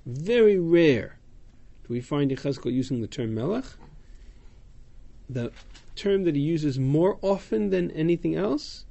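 A male teacher lectures a small class in a somewhat high voice with a gravelly edge. His tone is dark and mellow. He reads passages aloud, translates them and explains them, and he answers students' questions easily. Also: lively intonation, normal speed. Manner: fields student questions casually. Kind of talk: text-study class lecture.

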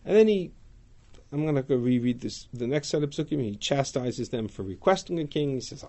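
A man teaching a text-study class, reading Hebrew verses aloud and paraphrasing them in an animated way. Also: medium pitch, brisk. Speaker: Torah teacher.

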